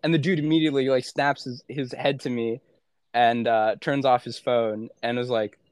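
A man's voice: mid-range voice, steady tone, moderate pace, clear, resonant tone, no echo. Rambling young man, dry close sound. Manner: rambling, heavy "like" fillers, frequent swearing. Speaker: podcast guest, former aid worker. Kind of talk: casual chat.

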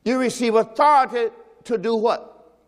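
A male pastor preaching a sermon at a church service, asking rhetorical questions and slowing down to quote scripture with emphasis. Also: very high-pitched, long reverb tail.

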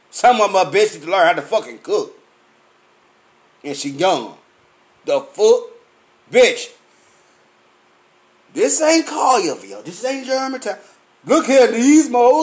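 A man, ranting angrily and profanely about food in a swaggering comic way. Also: high voice. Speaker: vlogger. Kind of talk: profane rant.

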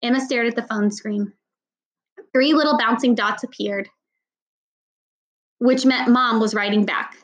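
Higher-voiced woman reading a novel. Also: unhurried, pauses often, low-quality recording. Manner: steady storytelling narration. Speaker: audiobook reader. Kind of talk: reading a children's novel aloud.

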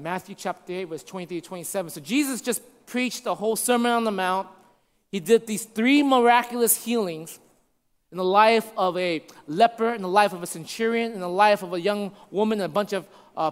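A man preaching a sermon to a congregation, conversational and checking in with his listeners, dropping to a hush for emphasis. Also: high voice, fairly quick, smooth. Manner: shifts from loud to hushed for emphasis. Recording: long hall reverb.

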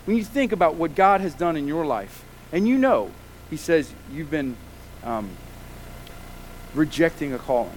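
A man's voice: fairly high pitch, very animated, moderate pace, pauses often, a little hiss or hum, poor audio. A man preaching a sermon as pastor, emphatic and full of rhetorical questions.

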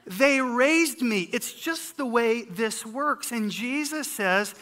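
Slow, bright-voiced preacher. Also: medium pitch, animated. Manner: dramatic, acts out scripture scenes, swings loud and soft; humorous asides. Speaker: pastor. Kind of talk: sermon.

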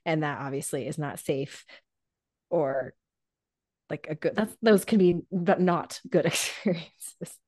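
A woman's voice: sits low, a little slow, darkish tone, no room sound, clean studio sound. A woman co-hosting a podcast, talking casually and earnestly with many fillers. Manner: chatty, earnest, full of "like" fillers. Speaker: podcast co-host. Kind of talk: casual chat.

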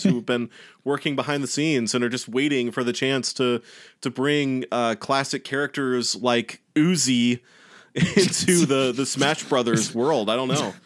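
A man's voice: medium pitch, fairly bright tone. An American man co-hosting a casual chat, talking in a rambling, hesitant way with many restarts. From United States. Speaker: podcast co-host.

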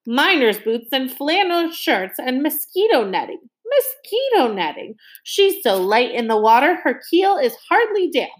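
A woman's voice: on the high side, animated, normal speed, voice pushed up, natural voice. Woman putting on a roaring, hot-tempered sea captain. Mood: blustering. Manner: roaring, growling.

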